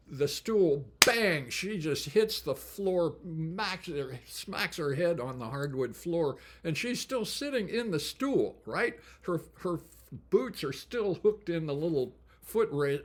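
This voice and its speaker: A man's voice: a little high, fairly bright tone. An older man telling stories in a casual, folksy way, chuckling often as he talks. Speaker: musician and storyteller. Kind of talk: casual spoken storytelling.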